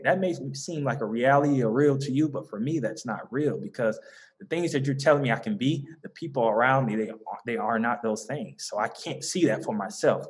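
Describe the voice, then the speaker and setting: In a relaxed interview, a young Southern-accented founder of a mentoring organization, from the American South, talks earnestly in a lowish voice, his speech full of fillers and restarts.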